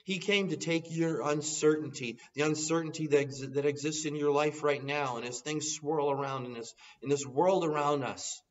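A man's voice: on the high side, normal speed, few pauses. A man preaching a sermon, quoting scripture in an earnest voice and rising into urgent appeals. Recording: dull sound from some distance off.

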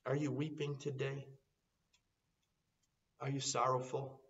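A man's voice: mid-range voice, measured pace. Man, preacher, earnest sermon, scripture quotes, distant mic, dull muffled sound. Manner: earnest preaching, quoting scripture, rising in urgent appeals.

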